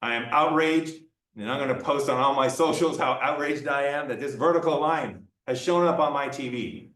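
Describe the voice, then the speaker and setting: A man's voice: medium pitch, normal speed, fairly bright tone, far from the mic, natural voice. A man voicing an outraged male demon that rants indignantly, recorded from across a roomy lecture room. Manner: indignant ranting. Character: outraged feature demon, male, easily angered.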